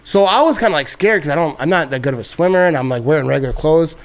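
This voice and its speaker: Rambling young man, slightly high voice. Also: lively intonation, very fast. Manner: rambling, filler-heavy, laughs often. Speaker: podcast guest, sports content creator. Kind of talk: casual storytelling.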